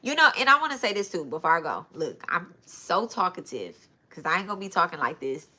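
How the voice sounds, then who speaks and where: A woman's voice: lowish voice, very animated, brisk, sharp tone. A woman, talking loosely and informally to her live-stream viewers, calling them y'all. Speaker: spiritual reader and live-stream host. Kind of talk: casual live-stream chat.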